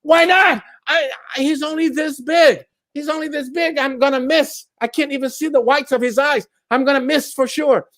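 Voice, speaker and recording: A man's voice: extremely high pitch, moderate pace, vocal fry, hardly any pauses, voice pushed up. A Brazilian-accented man voicing a nervous, hesitant hired gunman who stammers his excuses in a told story. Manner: stammering, pleading.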